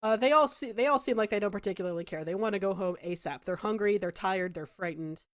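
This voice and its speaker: A woman's voice: mid-range voice, fast talker, dry recording, clean studio sound. A woman narrating as game master in a tabletop game, chatty and full of "uh"s. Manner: chatty, hesitant with fillers.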